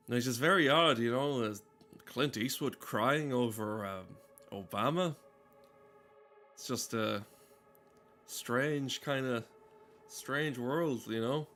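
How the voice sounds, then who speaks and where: Deadpan rambling man. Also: mid-range voice, takes it slowly. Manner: deadpan, rambling, heavy with "uh" fillers. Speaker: streamer. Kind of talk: casual rambling comedy chat while gaming.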